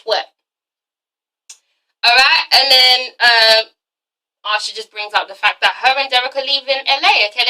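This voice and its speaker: A woman recapping a TV episode in a casual vlog, excitable and profane, acting out the characters in quick asides. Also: on the high side, poor audio. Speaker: TV episode reviewer.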